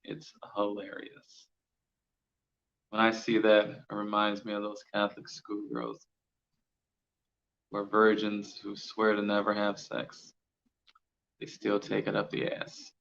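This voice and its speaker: Low gravelly male stand-up comic. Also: fairly bright tone. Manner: crude, blunt. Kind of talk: stand-up comedy set. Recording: dull lo-fi sound with faint noise.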